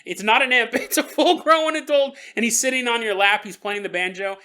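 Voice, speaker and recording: A man's voice: very high voice, fairly quick, clear, resonant tone. A man hosting a podcast who tells a strange story in a comic way. He laughs often and talks straight to the listener. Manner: animated, laughing, jokes to the listener. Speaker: podcast host. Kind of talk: comedic paranormal storytelling.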